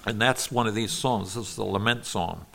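A man's voice: fairly low pitch, moderate pace, gravelly, fairly bright tone. A man giving an earnest expository Bible lesson, explaining verses patiently with small restarts. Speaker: Bible teacher.

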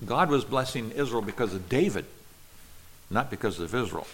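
A man's voice: medium pitch, expressive, moderate pace, low-quality recording. A man preaching an expository sermon, reading scripture aloud and explaining it word by word. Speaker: pastor.

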